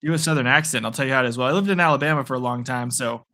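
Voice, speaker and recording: A man's voice: mid-range voice, racing, few pauses, bright, forceful tone. A man hosting a live play-by-play reaction stream, playful and rambling between calls. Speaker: sports stream host.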